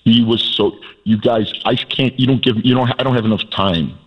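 A man's voice: mid-range voice, steady tone, moderate pace, a little hiss or hum. A man guest telling heartfelt, rambling stories in a casual radio interview, over a muffled broadcast sound. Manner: emotional, rambling, restarts a lot.

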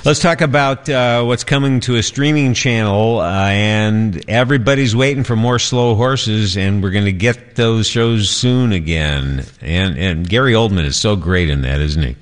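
Guy hosting morning news, really low voice, chatty w lots of uhs. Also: normal speed, hardly any pauses. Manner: chatty, with frequent fillers. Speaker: news anchor.

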